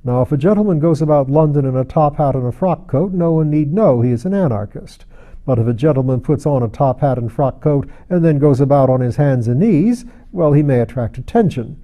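A man's voice: fairly high pitch, dark tone, close to an everyday voice. A man voicing a hearty, mocking anarchist leader in an audiobook, talking in a jovial, teasing way. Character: hearty, mocking, boisterous older male anarchist chief.

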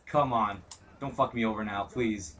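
A young man giving live commentary over a shooter match, muttering play-by-play, swearing constantly and breaking into angry shouts. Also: on the low side, moderate pace, slight background noise. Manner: mutters play-by-play under his breath. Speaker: gaming commentator.

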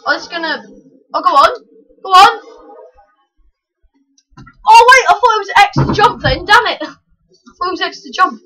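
A woman giving excitable live commentary over her own gameplay, yelling at the screen with quick self-mocking asides. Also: very high voice, low-quality recording. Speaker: gaming channel host.

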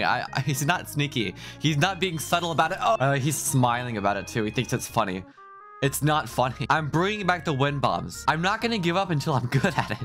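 A man's voice: mid-range voice, sharp tone. A young man giving let's play commentary, self-mocking and laughing often, breaking into yelps of alarm. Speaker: gaming YouTuber.

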